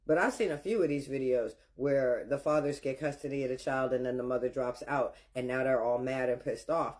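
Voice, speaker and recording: A man's voice: mid-range voice, fairly even intonation, a little fast, a little mellow. A man giving blunt, scolding reaction commentary.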